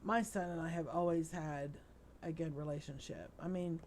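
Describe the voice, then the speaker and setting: A woman's voice: low voice, fairly even intonation, moderate pace, darkish tone, slight background noise. A middle-aged woman hosting a let's play, tired and yawning as she rambles through chatty stories while she plays. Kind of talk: casual gameplay chat.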